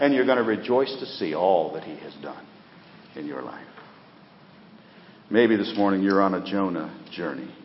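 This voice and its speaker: A middle-aged man preaching a sermon in a church, swinging from loud, rising appeals to quiet, dropped phrase endings. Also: lowish voice, big-room sound, highs cut off, a little hiss or hum. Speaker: pastor. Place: church sanctuary.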